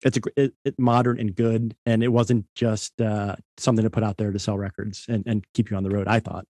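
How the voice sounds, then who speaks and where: Man, interview host, mellow tone, dry close recording, rambling admiring questions. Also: on the low side, level tone, fairly quick, dry recording. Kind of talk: casual interview chat.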